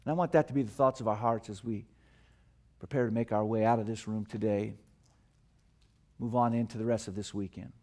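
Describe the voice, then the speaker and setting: A man preaching a sermon as pastor. He drops low and soft, then builds to loud, emphatic peaks, and slows down to stretch out the scripture quotes. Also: fairly even intonation. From United States. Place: church sanctuary.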